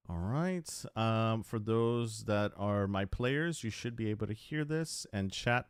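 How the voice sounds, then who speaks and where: A man's voice: on the low side, clean tone, no room sound, studio quality. A man running a tabletop game on a livestream, chatting casually with his viewers and narrating scenes. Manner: casual, chatty with stream chat. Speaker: game master.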